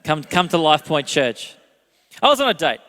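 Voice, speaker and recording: A man in his thirties preaching a sermon as a pastor, telling a self-deprecating story with animated delivery and frequent laughter. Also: a little high, moderate pace. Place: church hall. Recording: long hall reverb.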